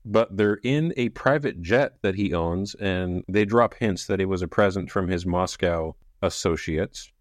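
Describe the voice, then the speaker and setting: Low-voiced man in dry chat. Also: a little slow, few pauses, dry recording. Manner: wry, laughs often, retells scenes. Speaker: podcast co-host. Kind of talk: casual book-club chat.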